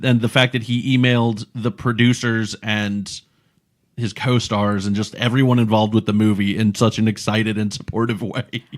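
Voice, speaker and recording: A man hosting a podcast in casual chat, relaxed and laughing along as he reads things out. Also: lowish voice, normal speed.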